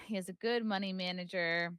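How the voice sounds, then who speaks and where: A woman's voice: medium pitch, steady tone, moderate pace, fairly bright tone, smooth, dry recording. A woman hosting a podcast in casual chat, dry and sarcastic. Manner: dry, sarcastic, passive-aggressive. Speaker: podcast host.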